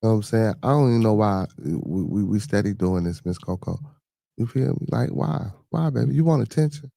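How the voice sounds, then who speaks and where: A man's voice: on the low side, a little fast, creaky, warm tone, no room sound. A man hosting a casual podcast live stream, reading the chat and answering viewers in loose slang. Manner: laid-back, talks back to chatters with loose slang.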